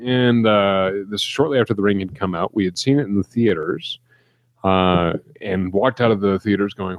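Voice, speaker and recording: Low-voiced man telling a story. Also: normal speed, dry recording, muffled recording. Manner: animated storyteller, acts out quotes. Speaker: podcast co-host. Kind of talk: casual chat.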